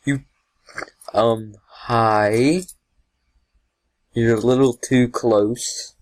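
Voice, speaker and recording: A gamer with a mid-range voice and steady tone drags out his words while casually narrating his own gameplay. He mutters to himself, startles easily with yelps, and laughs often, in a dry recording.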